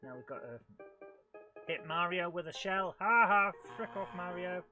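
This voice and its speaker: A man's voice: high-pitched, moderate pace, soft background music. A British man hosting a live retro gaming stream, chatting, mocking himself and beeping along as he plays. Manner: chatty, self-mocking, makes beeping car noises; excitable while playing. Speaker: host. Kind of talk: live retro gameplay commentary.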